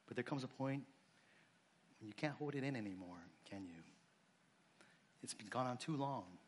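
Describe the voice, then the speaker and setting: A man preaching a sermon, earnest and conversational, dropping low and soft on emotional points and rising when he stresses a point. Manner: conversational asides and restarts. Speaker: pastor.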